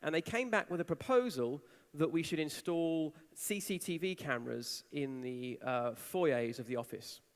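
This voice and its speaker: A man's voice: on the high side, expressive, normal speed. A man giving a conference talk, telling a story with animation and acting out the people he quotes. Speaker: conference speaker. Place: large conference hall. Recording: reverberant hall.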